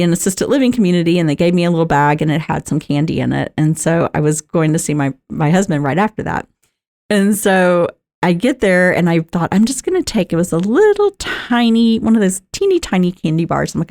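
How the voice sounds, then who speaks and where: Middle-aged woman, low-pitched, sharing personal stories in a candid, conversational way. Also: a little mellow. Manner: candid, conversational, laughs often, many fillers. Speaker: talk host. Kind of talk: personal talk on positive mindset.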